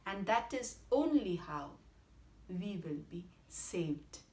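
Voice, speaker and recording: A woman with an Indian accent reading a bedtime story to children in an expressive, sing-song way. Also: mid-range voice, takes it slowly. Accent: Indian English. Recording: echoey room.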